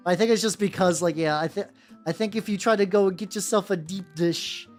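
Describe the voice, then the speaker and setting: A VTuber streamer chats casually while painting miniatures, rambling, joking and using lots of "like"s and restarts. The voice is mid-range and slightly mellow at a moderate pace, with faint music behind.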